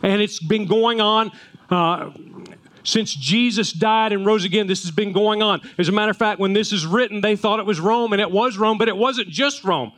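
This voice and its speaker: A man's voice: high voice, normal speed, fairly bright tone. A man preaching a sermon as pastor, telling folksy stories with frequent restarts. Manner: folksy storytelling with repeated restarts.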